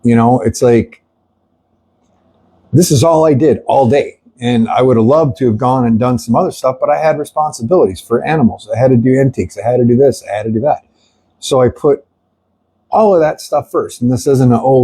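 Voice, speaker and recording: A man's voice: mid-range voice, a little fast, mellow, slightly rough. A middle-aged man from an animal rescue, speaking candidly to camera while grieving and angry, rambling with many fillers and blunt swearing. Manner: earnest, rambling, frequent fillers. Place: sitting with dogs at the rescue.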